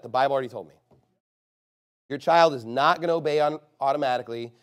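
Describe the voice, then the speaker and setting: The preacher swings from hushed, low-voiced moments to loud, emphatic declarations, drawing out key phrases by slowing down.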